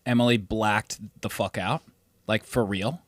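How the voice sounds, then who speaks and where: A man's voice: lowish voice, steady tone, measured pace, no echo, clean studio sound. A young man casually telling a story on a podcast, swearing freely and acting out what people said. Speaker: podcast co-host. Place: New York City apartment.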